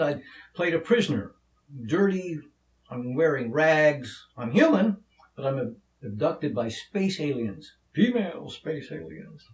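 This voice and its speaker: A man talks to camera in a relaxed, chatty way, sharing opinions and news with small stumbles. His voice sits a little high. The room around him is echoey. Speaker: video blogger and actor. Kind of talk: casual commentary to camera.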